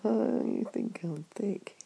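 A person doing a whispered role-play, murmuring softly and sleepily as an unwell partner being cared for. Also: mid-range voice. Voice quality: gravelly creak. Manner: soft, sleepy, affectionate murmuring.

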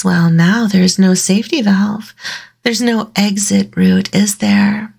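A woman unhurried and intimate in an audio role-play, her voice low with a gravelly fry and a breathy, husky edge. She teases with a dominant calm, slipping into whispers and soft giggles. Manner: teasing and dominant, soft giggles between phrases.

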